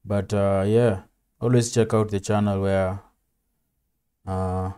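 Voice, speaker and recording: A man's voice: fairly low pitch, little pitch movement, slow, warm tone, smooth. A man hosting a reaction video, talking in a laid-back, rambling way with plenty of fillers. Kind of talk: casual reaction commentary.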